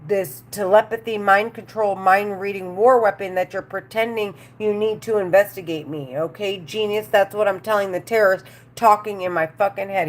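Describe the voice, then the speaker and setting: Woman, livestream monologue, angry and profane, rambling delivery, mid-pitched voice. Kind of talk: agitated monologue to camera.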